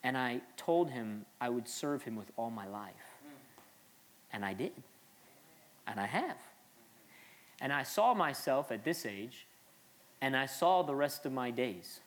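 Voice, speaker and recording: A man's voice: medium pitch, animated, a little slow, pauses often. Earnest man preaching a conversational sermon. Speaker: pastor.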